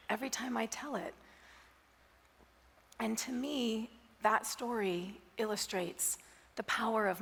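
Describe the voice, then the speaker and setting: A woman giving a motivational keynote talk on a conference stage, telling an animated story and asking the audience questions. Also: mid-range voice, gravelly, slightly rough. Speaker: keynote speaker. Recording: reverberant hall.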